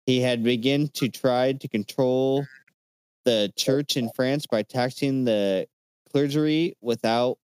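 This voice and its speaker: A man's voice: mid-range voice, slow pace, smooth, dry recording. A man co-hosting a podcast who casually retells history he researched, swearing freely and filling gaps with "uh". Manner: relaxed, profane, loose retelling of history with fillers. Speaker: podcast co-host presenting the research. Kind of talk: casual chat.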